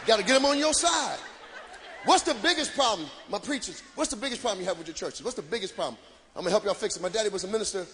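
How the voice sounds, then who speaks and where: A man performing live stand-up comedy, loud and animated, shouting punchlines to the crowd from a stage. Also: high-pitched, fast, noisy background. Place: stage before a live audience.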